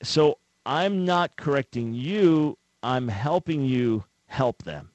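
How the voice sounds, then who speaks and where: Hosting a radio call-in show at a studio microphone, a man with a mid-range, expressive voice speaks slowly in an earnest, conversational way, acting out imagined callers. The recording is dry and muffled.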